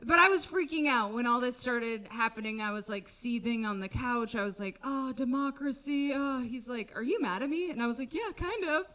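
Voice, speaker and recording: A woman's voice: fairly high pitch, a bit bright. A woman doing a stand-up comedy set on a comedy club stage, wry and conversational with sarcastic asides.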